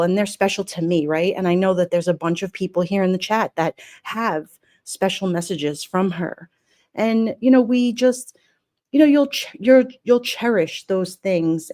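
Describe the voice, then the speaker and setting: Emotional woman streamer, low-pitched. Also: darkish tone. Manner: heartfelt, rambling, reads chat comments aloud. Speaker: livestream host. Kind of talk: casual livestream memorial talk.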